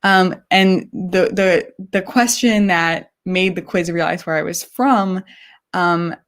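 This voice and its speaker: A woman from New York giving a live online presentation, explaining in a chatty way with frequent pauses. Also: fairly low pitch, fairly even intonation. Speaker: guest presenter.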